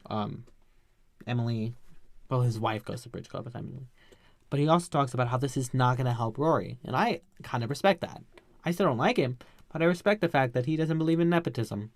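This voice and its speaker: A man's voice: mid-range voice, no echo. A man hosting a podcast, recapping an episode in a chatty, slangy, ranting way. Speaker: podcast host.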